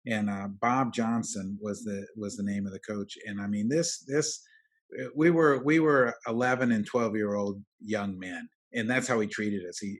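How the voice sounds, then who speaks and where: A middle-aged man, a roofing company president, telling his story in an interview, halting with many restarts and fillers. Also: on the low side, fairly bright tone.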